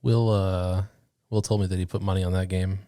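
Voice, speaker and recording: A man's voice: low-pitched, level tone, brisk, dark tone, clear, resonant tone, no echo, clean studio sound. A man co-hosting a casual podcast, laid-back and wry, laughing often. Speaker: podcast co-host. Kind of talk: casual chat.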